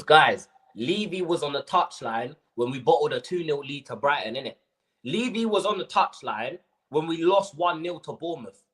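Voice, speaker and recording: Animated ranting young man. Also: on the high side. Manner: animated ranting, slangy, repeats himself. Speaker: football fan livestream host. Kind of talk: ranting livestream chat.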